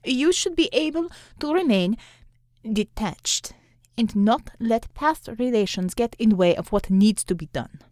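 A woman voicing a stern, cold female commissar who speaks in a clipped, flat way through clenched teeth. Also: on the high side, a little slow, no room sound, clean studio sound. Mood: commanding.

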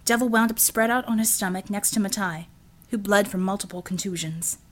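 A woman giving a steady, measured scripted audiobook narration. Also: medium pitch.

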